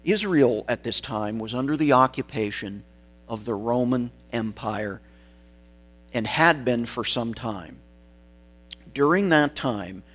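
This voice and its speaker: A man preaching a sermon, explaining scripture and slowing down to stress key words. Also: medium pitch, fairly bright tone.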